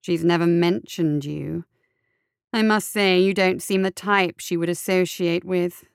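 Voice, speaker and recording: A woman's voice: on the low side, fairly even intonation, a little slow, vocal fry, smooth, dry recording. A woman voicing a vain, pompous male guild officer in a storybook, speaking in a dry, haughty drawl.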